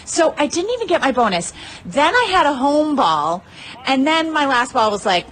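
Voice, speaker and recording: Gushing, animated woman telling a story. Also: high voice, normal speed. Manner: excitable, gushing, swears freely; uses many fillers like "like" and "you know". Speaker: pinball player telling a tournament story. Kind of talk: casual storytelling monologue.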